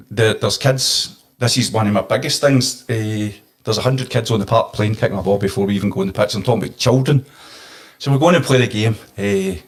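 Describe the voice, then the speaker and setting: A Scottish man, a former football manager, telling an animated story on a podcast. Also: fairly low pitch. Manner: animated anecdote-telling, gets emotional.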